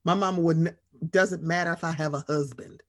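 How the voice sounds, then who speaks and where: A woman co-hosting a podcast in casual chat, animated and expressive, swearing freely. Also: fairly low pitch, moderate pace. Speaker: podcast co-host.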